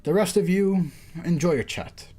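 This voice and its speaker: A man voicing a stern female city judge in a game story, formal and measured. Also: high-pitched, warm tone, slightly rough, pitched above the performer's own voice.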